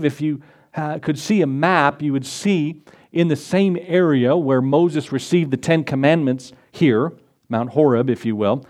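A man's voice: on the high side, darkish tone. A male pastor preaching a conversational sermon to his congregation, acting out prayers and quotes along the way. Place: church in front of a congregation.

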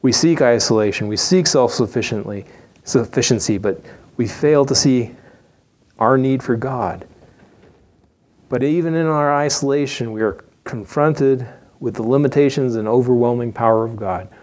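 A man's voice: medium pitch, moderate pace, a little mellow. A man preaching a sermon in a folksy, humorous, conversational storytelling way.

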